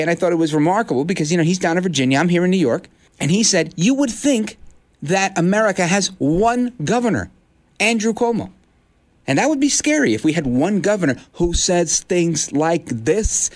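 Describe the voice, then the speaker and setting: A man hosting a talk radio show from a studio, delivering a fired-up, rhetorical opinion monologue in punchy bursts into a studio microphone. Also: a little high. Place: radio studio in a high-rise.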